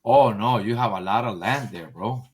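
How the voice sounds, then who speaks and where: A middle-aged man chatting casually on a voice call, telling lively stories and acting out old-timers in a high voice. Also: normal speed, breathy edge. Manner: animated storyteller who acts out old-timers in a high voice. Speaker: discord caller. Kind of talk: casual chat. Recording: voice chat over discord.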